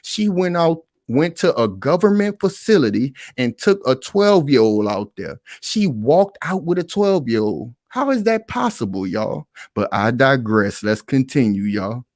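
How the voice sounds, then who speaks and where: A man speaking who hosts a reaction commentary, pausing a news clip and arguing his points emphatically while speaking straight to his viewers. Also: mid-range voice, big pitch swings, a little mellow, no room sound, clean studio sound. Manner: emphatic, repeats points, talks to viewers as "y'all".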